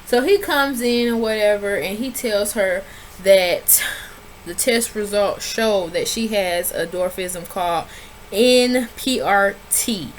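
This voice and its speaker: A woman recapping a reality show in a casual vlog, telling it with sass and leaping up in pitch whenever she quotes people. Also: slow pace, slight background noise. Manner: animated, sassy storytelling with big pitch jumps when quoting people. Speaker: reality TV reviewer.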